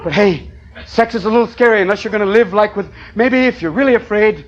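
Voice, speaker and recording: A male stand-up comedian doing a manic, rapid-fire improvised routine, jumping into voices and shouts on a club stage. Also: sits high, dull audio. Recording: loud crowd laughter, noisy live room. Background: audience laughing.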